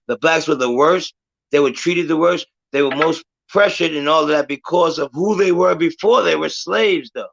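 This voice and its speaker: Calm, lecturing man on lo-fi stream audio. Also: fairly high pitch, gravelly. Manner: measured, lecturing, says he wants to stay calm and logical. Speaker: live stream host. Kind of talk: casual talk on a live stream.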